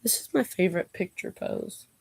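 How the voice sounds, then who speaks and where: A woman's voice: on the low side, wildly swooping pitch, moderate pace, vocal fry, darkish tone, breathy edge, no room sound. A woman vlogger reading knock-knock jokes aloud, taking both parts herself and breaking off for giggly asides.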